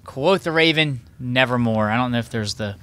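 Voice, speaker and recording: A man co-hosting a sports podcast in casual chat. He talks in an excitable, rambling way, with many restarts. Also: mid-range voice, moderate pace. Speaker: podcast co-host.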